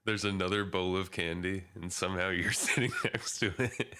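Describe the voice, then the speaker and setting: A man's voice: sits low, fairly even intonation, sharp tone. A man co-hosting a podcast, tossing in laid-back quips and reactions during casual chat. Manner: laid-back, quick interjections and laughter. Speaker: podcast co-host.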